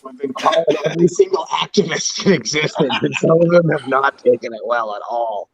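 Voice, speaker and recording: A man's voice: fairly high pitch, a little fast, gravelly, crowd noise, rough recording. A man co-hosting a prank call show, chatting casually, telling stories and laughing often. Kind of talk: casual chat.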